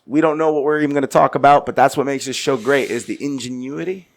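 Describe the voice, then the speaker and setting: A young man co-hosting a podcast, rambling and excitable, swearing freely in casual chat. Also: medium pitch, quick pace, hardly any pauses. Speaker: podcast co-host.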